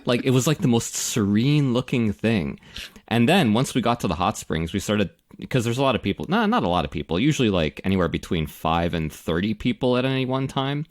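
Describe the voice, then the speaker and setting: A man from Canada, a podcast host telling stories in casual chat, lively and quick to mimic others. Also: medium pitch, dry recording, studio quality. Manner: animated storyteller, jumps into mocking voices.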